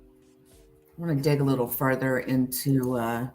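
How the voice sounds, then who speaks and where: A woman's voice: extremely low pitch, fairly even intonation, measured pace, darkish tone, soft background music. A woman doing casual reaction commentary, sarcastic and incredulous, swearing freely and chatting to her viewers. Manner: chats to viewers in live chat. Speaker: online commentator.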